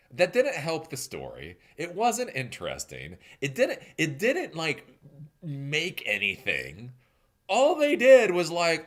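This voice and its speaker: A man streaming a casual rant, laughing often and jumping into loud mocking voices as he answers chat. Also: a little high, huge pitch swings, unhurried. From New Zealand.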